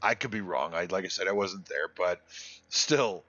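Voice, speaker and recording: A low-voiced man talks crudely and bluntly while live-streaming a game, often restarting his sentences. His voice is bright and forceful, and the stream audio sounds dull and lo-fi. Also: moderate pace. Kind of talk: casual live-stream gaming chat.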